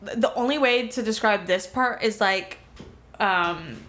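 A woman's voice: medium pitch, unhurried. A woman from Miami telling a wild story in a casual podcast chat, rambling and full of filler words. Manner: rambling, filler-heavy, animated retelling. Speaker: podcast co-host.

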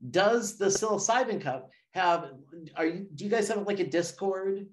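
A man with a high voice hosts a relaxed podcast chat. He keeps to short acknowledgments and loose, halting questions. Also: a little hiss or hum. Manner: brief backchannel replies, loose questions. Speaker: podcast host. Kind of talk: casual conversational interview.

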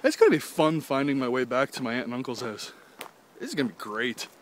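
A man's voice: mid-range voice, very animated, fast, a little hiss or hum. A young man, rambling and joking as he walks outdoors by a golf course pond, filming on his phone. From Canada. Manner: rambling, joking, swears casually. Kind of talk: casual walking vlog. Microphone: handheld phone.

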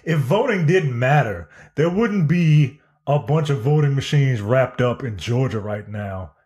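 Exasperated man with lively pitch. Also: highs cut off. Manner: halting, restarts, exasperated. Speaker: podcast co-host. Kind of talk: casual podcast discussion.

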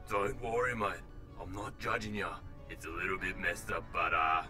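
Game role: male actor as a sleazy Australian computer, deep voice, crude teasing. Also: normal speed, over loud music, natural voice. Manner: crude, teasing, slangy banter.

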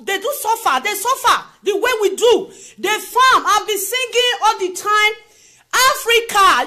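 Very high-voiced Nigerian woman vlogging. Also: bright, forceful tone. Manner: emphatic, repeats phrases, piles up rhetorical questions. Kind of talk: impassioned opinion monologue to camera.

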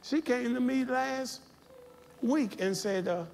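A man preaching a sermon as pastor, talking straight to his congregation and building to shouted, confrontational calls. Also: very high voice, slow, creaky. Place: large church sanctuary. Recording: reverberant church sanctuary.

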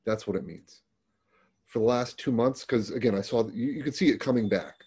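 A man's voice: mid-range voice, fairly quick, darkish tone, husky. A middle-aged man working as a paramedic, telling stories from his work in a plain-spoken, conversational way with frequent restarts. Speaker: paramedic guest. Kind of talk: conversational storytelling.

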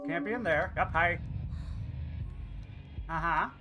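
Playing a horror game with its music in the background, a male commentator gives let's-play commentary, cracking jokes, answering back to his pursuer, yelping and laughing. His voice is a little high and he takes his time.

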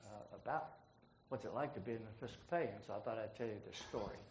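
A man moderating a leadership forum, telling a joke in a folksy way and introducing the next speaker, clearing his throat often. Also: fairly low pitch, fast, a little mellow. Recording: echoey room with faint noise.

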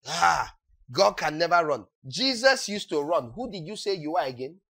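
Male pastor, sermon, fairly high voice, dramatic delivery, acts out quotes, sudden shouts. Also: big pitch swings, normal speed, creaky.

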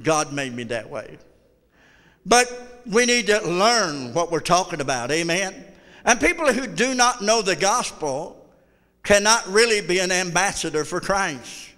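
Pastor, male, blunt folksy preacher, sharp tense tone, reverberant sanctuary. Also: high voice, expressive, unhurried. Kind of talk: sermon. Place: church sanctuary.

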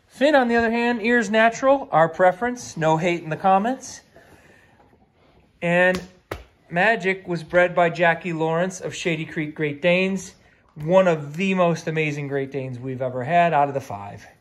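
A man's voice: high-pitched, unhurried. A man hosting a dog vlog at home, chatting fondly and repeating commands to his dogs in the yard and house. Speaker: dog channel host. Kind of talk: casual vlog talk.

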